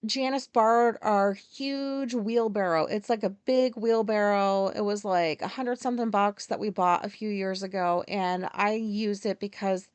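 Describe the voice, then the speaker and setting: A woman's voice: mid-range voice, steady tone, measured pace, few pauses, clear, resonant tone, no echo. A woman in her forties hosting a casual solo podcast, telling stories candidly, ranting and swearing freely. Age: 40s. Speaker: podcast host.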